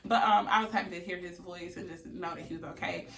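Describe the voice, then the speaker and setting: A woman vlogger telling a story in a casual, theatrical, animated way, swearing freely. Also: on the low side, quick pace, vocal fry, a little hiss or hum. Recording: echoey room, distant mic.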